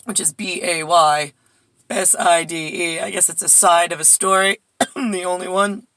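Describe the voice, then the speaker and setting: Rambling New woman, bright dry voice. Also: fairly low pitch, steady tone, measured pace, dry recording, low-quality recording. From Bayside, New York. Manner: rambling, jumps between tangents, muses aloud. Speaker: vlogger. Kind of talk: casual monologue to camera. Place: at home indoors.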